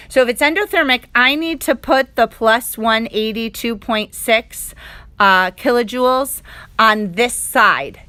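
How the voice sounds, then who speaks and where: A woman's voice: on the high side, bright, forceful tone, clear, resonant tone, dry recording. A woman teaching a chemistry review lesson, explaining step by step in an upbeat way with playful sound effects. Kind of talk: live online review lesson.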